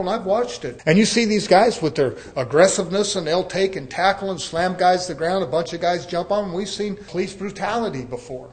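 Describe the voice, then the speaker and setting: Male pastor, fairly high voice, earnest sermon with conversational storytelling. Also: fairly quick, few pauses. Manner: earnest preaching that addresses the congregation as brethren; conversational storytelling with acted-out dialogue.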